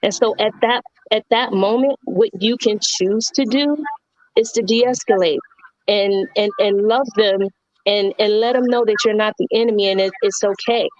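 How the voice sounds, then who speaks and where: A woman's voice: mid-range voice, steady tone, moderate pace, a little mellow, dry recording. Woman chatting earnestly, lots of um and you know, dull dry sound. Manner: earnest, repeats words, many fillers. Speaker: guest on radio talk show. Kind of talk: casual conversational storytelling.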